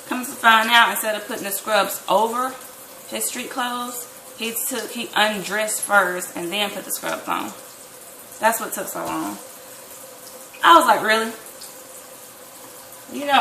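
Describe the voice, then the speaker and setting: A woman's voice: medium pitch, bright, forceful tone, slight background noise. A woman telling a personal story in a casual vlog, chatty and full of fillers and restarts. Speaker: vlogger. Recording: echoey room.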